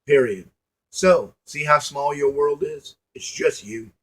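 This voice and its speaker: Speaking slowly in a voice on the high side, this man is an online commentator preaching motivation to his viewers. He's folksy and emphatic, says lines more than once, and throws out rhetorical questions.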